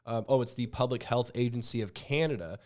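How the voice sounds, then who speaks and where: A man's voice: medium pitch, brisk, a little mellow. A man hosting a casual news podcast, talking in a rambling, loose way with frequent chuckles. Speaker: host.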